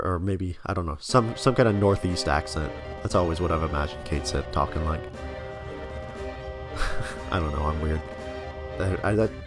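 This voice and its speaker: A young man casually commenting over a video game he is playing, laughing often and swearing freely. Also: sits low. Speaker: let's play commentator. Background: game music.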